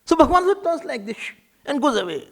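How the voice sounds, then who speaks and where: A man, a spiritual teacher who tells a sacred story in an animated way, laughing and acting out gestures. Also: very high voice, fast talker. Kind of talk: sermon storytelling.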